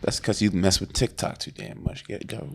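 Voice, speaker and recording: A man co-hosting a casual podcast chat, teasing and quick to argue. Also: lowish voice, fairly even intonation, slightly rough. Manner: teasing, argumentative. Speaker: podcast co-host.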